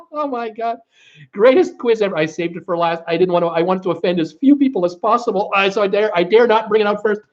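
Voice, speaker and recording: A man hosting a live-stream trivia chat who keeps breaking into laughter while reading viewer comments, his voice gone hoarse from laughing. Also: sits high, fast, hardly any pauses, highs cut off. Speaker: host of a live cruise news and trivia stream.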